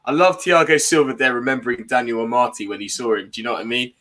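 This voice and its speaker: Bright-voiced excitable football fan. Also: male voice, medium pitch, fast talker. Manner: excitable, laughs often, enthusiastic. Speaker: guest fan. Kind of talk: casual football chat.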